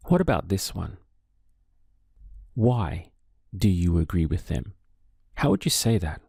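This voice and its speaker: A man teaching a Spanish lesson, prompting the learner and then giving each answer slowly and deliberately. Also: low-pitched, very animated, vocal fry, a little mellow, breathy edge, no room sound, clean studio sound. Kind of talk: slow spoken language lesson.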